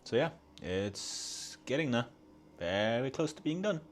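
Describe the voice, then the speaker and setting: A man's voice: mid-range voice, animated, unhurried, slight background noise. A man hosting a live stream, chatting casually while he builds, rambling and restarting his sentences and laughing often.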